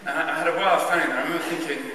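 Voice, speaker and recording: Racing along in a fairly high voice, a man entertains a church audience at a carol event with a self-deprecating childhood anecdote, chuckling wryly as he tells it. The recording comes from a large church, distant and echoey, over a noisy background.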